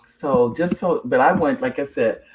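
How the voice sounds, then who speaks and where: Rumbling low and speaking at a moderate pace, a middle-aged talk show host tells animated stories, laughing often and starting sentences over, and also reads viewers' comments in a casual chat. There's slight noise in the background.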